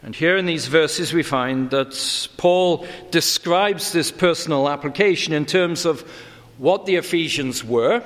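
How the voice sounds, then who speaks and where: A man preaching an expository sermon, measured and deliberate, leaning on emphatic words. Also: on the high side, in a large hall. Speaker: pastor.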